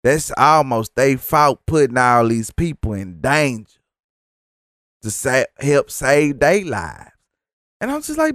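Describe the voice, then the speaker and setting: A man's voice: medium pitch, sing-song, takes it slowly, fairly bright tone, no room sound, studio quality. A man telling a story as a casual rant, profane, exasperated and rambling.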